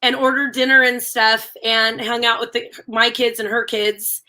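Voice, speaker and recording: High, bright-voiced woman ranting. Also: normal speed. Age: adult with a daughter. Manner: animated, ranting storyteller. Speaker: live stream co-host. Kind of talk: casual chat.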